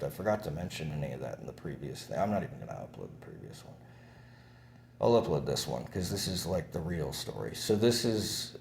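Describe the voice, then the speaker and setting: A young man with a deep, low-pitched voice recounts events in a loose, meandering monologue. He swears often and trips over restarts and fillers. A faint background hiss sits under the recording. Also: a little mellow. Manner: rambling, profane, many fillers and restarts.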